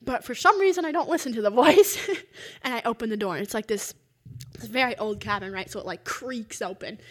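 A woman's voice: fairly high pitch, expressive, a little fast. A young woman casually telling a long dream story, rambling and full of filler words.

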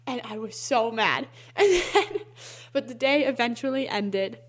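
A woman's voice: fairly high pitch, expressive, measured pace. A young woman speaks in a slightly raised voice, telling a personal story in a loose, casual way. She leans on filler words and laughs often between thoughts. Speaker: interviewee.

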